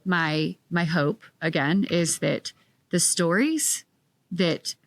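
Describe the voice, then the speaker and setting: A woman hosts a podcast interview in a somewhat low voice. She talks in a calm, measured way and takes her time over each question. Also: dry recording. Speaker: podcast host.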